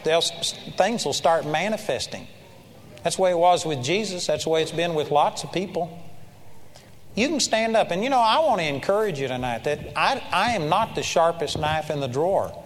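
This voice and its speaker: An older man preaching a sermon, telling stories with animated energy and shouting praise in his retellings. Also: a little high. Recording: long reverb of a large hall.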